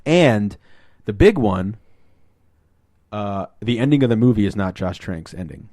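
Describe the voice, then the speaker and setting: A man with a somewhat low voice chatting casually on a podcast. He rambles through a story, slipping into quick put-on voices for the quotes. The sound is dry and close. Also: expressive, warm tone, no echo. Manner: rambling retelling, acts out quotes in shifting voices. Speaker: podcast host. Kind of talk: casual chat.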